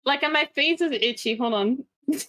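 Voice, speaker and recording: A woman's voice: high-pitched, moderate pace, bright, forceful tone, dry recording. A woman streamer chatting casually with a co-host, laughing a lot and swearing freely. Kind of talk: casual chat.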